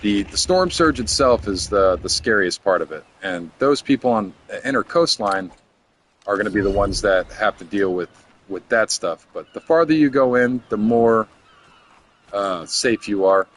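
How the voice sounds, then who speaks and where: A man's voice: fairly low pitch, expressive, moderate pace, slight background noise. A middle-aged man from Florida telling a story in a casual, rambling way, often stumbling and repeating words.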